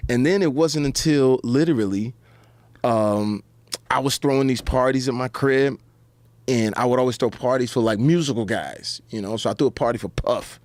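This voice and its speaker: A man guest telling stories in a lively way, jumping into high voices to act out the people he quotes. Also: moderate pace, no echo. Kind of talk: animated storytelling.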